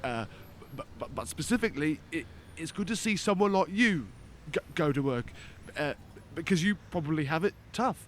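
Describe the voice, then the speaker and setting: A man's voice: on the high side, animated, normal speed, few pauses, fairly bright tone, a little hiss or hum. A man voicing an awkward, over-eager police officer in a put-on English accent, stammering and flustered. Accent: attempted English.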